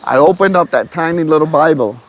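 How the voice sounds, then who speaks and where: A man's voice: on the high side, a little fast. Emotional man telling his story. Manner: emotional, repeats "man" often. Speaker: guest telling his testimony. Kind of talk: casual storytelling.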